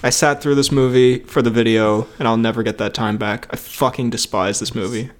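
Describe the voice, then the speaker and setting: A man's voice: medium pitch, fairly even intonation, a little fast. A young man co-hosting a casual podcast, joking and swearing as he chats. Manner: joking, swears, laughs often. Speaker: podcast co-host. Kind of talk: casual chat.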